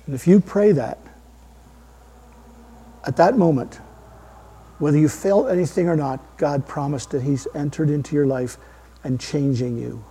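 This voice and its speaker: Male pastor in a church, fairly high but husky, mellow dark tone, earnest sermon delivery with emphatic swells. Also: unhurried, pauses often. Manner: earnest, building to emphatic peaks, then hushed.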